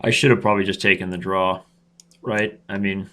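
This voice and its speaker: A man's voice: sits low, steady tone, fairly quick, sharp tone. A man in his thirties hosting a live chess stream, commentating his own games with playful trash talk and asides to viewers.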